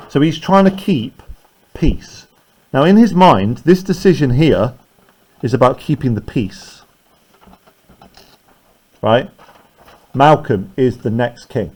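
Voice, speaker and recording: Man, teacher, explains to class, mid-pitched voice, keeps asking right. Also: a little mellow. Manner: explanatory, checks in with "right?" often.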